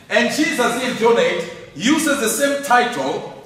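Man, Bible teacher, high voice, slow delivery, emphatic and repetitive, far from the mic, heavy hall echo. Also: sing-song, pushed and bright. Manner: emphatic, repeats key phrases and asks rhetorical questions. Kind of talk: teaching lecture on scripture.

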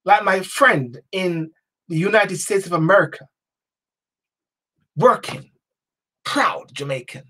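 A man hosting a talk show, giving a passionate motivational monologue in a preachy way, repeating slogans like chants and swinging from hushed to loud. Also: high-pitched, animated, slow, long pauses.

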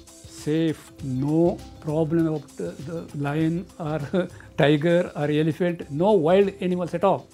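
An older man with an Indian English accent, a coffee estate owner, recounting in an interview how an elephant attacked him, halting and restarting mid-phrase. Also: on the high side, steady tone, dark tone, faint music behind. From southern India.

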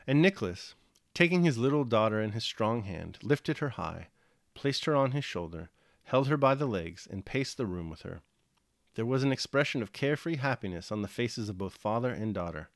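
Low-voiced man reading a classic novel. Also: dry recording, clean studio sound. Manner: calm, measured reading. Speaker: audiobook reader. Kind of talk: scripted literary narration.

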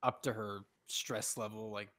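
A man co-hosting a casual review chat, animated and profane. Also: lowish voice, a little slow, no echo. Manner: animated, profane, laughs through lines. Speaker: podcast co-host reviewing a show.

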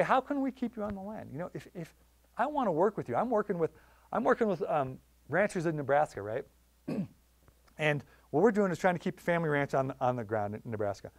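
Animated man giving a library lecture. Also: mid-range voice, no echo. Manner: animated storytelling with voiced quotes. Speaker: wildlife conservation lecturer. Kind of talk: public lecture. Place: public library talk.

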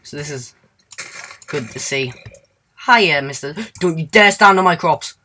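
A man's voice: fairly high pitch, animated, unhurried, bright, forceful tone, slight background noise. A man giving casual let's-play commentary in a goofy, rambling way, humming and singing to himself and squealing now and then.

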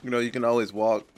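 A man's voice: medium pitch, darkish tone. A young man giving crude, joking commentary while playing a video game. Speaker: streamer. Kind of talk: casual gameplay commentary.

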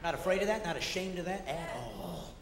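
High-voiced ranting stand-up comic. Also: male voice, sing-song, a little fast, crowd noise. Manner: high-energy, ranting, jumps into shouted asides and mock voices. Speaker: stand-up comedian. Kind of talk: stand-up comedy routine. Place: theater stage before a live audience. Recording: echoey hall, noisy 1990s concert recording.

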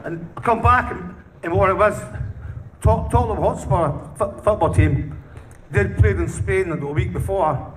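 A man's voice: high voice, measured pace. Swearing Scottish man telling a story. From Scotland. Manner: swears constantly, laughs through his anecdote. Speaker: punk band singer being interviewed. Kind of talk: casual storytelling. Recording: distant mic with faint noise.

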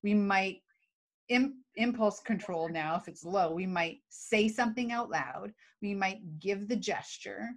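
A woman's voice: mid-range voice, unhurried. A woman, a guest expert on emotional intelligence, talking in a casual live video chat and acting out examples as she explains. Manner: animated, explains with acted examples.

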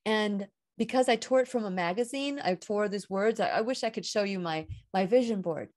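A woman's voice: medium pitch, moderate pace, darkish tone. A woman hosting a radio show, giving an earnest, heartfelt inspirational talk about faith, and rising and falling with emphasis.

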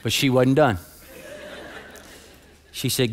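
A middle-aged man preaching a sermon as pastor. He starts with a quiet, subdued personal story and builds to loud, rising preaching. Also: mid-range voice, fairly even intonation, measured pace, long pauses.

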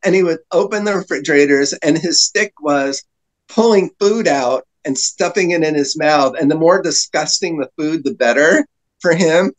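A man's voice: fairly high pitch, normal speed, rough recording. A man telling long rambling anecdotes as a podcast guest, with frequent fillers and laughter. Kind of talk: storytelling in casual chat.

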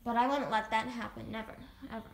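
A woman's voice: fairly high pitch, fairly even intonation, creaky, a little hiss or hum. A young girl chatting casually about her pets, rambling and restarting often. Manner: rambling, halting, full of restarts. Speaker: vlogger. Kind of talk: casual pet vlog.

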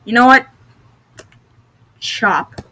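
A woman giving casual gameplay commentary with excitable, dramatic outbursts, sometimes trying out odd voices. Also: fairly high pitch, extremely slow, slightly rough, low-quality recording. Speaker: gamer.

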